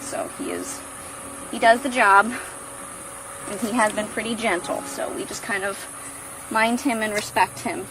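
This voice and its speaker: Woman giving a farm tour outdoors. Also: noisy background. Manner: coos in a high baby voice to the animals. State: out of breath from walking in heat. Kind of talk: casual walking farm tour.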